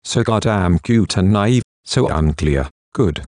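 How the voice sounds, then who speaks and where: A man narrating a first-person novel in a steady, even storytelling manner. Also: deep voice, takes it slowly, dry recording, studio quality. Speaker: audiobook narrator.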